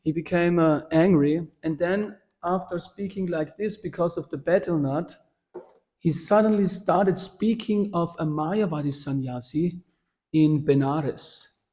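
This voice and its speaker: A German-born man tells a devotional story at a workshop, his voice a little high and his pace measured. He's animated, peppering his speech with fillers and frequently restarting sentences.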